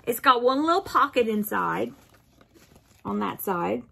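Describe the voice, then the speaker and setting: A woman's voice: on the high side, animated, unhurried, gravelly, fairly bright tone, breathy edge. A woman hosting a casual unboxing video, cooing playfully at her cat and laughing often. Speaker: vlog host.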